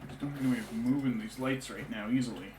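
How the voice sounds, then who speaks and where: A man's voice: mid-range voice, fast talker, a little mellow, a little hiss or hum. Rambling man painting on stream. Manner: rambling, talks baby talk to his cat. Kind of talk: casual streaming chat.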